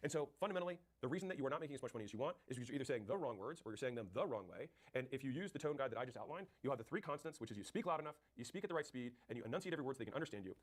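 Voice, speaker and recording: A man's voice: mid-range voice, lively intonation. A man rattles through sales advice at a breakneck clip in an ordinary mid-range voice. He is punchy and direct, acting out lines from sales calls as he coaches. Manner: rapid, punchy, acts out sales dialogue. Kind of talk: fast sales coaching talk.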